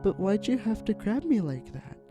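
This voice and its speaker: A terrified young boy yells and begs, his voice leaping high and loud, as a man narrating puts him on. Music plays clearly underneath. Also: sing-song, normal speed. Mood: tearful apology. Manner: screaming, pleading. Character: frightened young boy, desperate and tearful.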